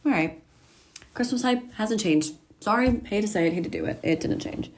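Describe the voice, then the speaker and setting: A woman's voice: mid-range voice, expressive, moderate pace. A teenage girl chatting casually to the camera at home while getting ready at a mirror, rambling and poking fun at herself. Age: teens. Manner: chatty, self-deprecating, rambling asides. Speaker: vlogger.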